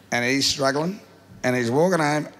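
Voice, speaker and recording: A man's voice: on the high side, a bit bright. An Australian man tells a comic yarn in a chatty way, with plenty of "uh" fillers. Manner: chatty, filler-laden storytelling with lots of "uh". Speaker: yarn teller.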